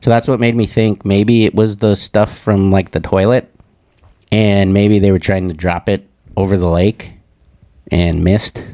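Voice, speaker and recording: A man's voice: fairly low pitch, flat delivery, a little slow, mellow. A man co-hosting a casual comedy podcast, telling a rambling story and acting out the voices of the people in it. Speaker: podcast co-host.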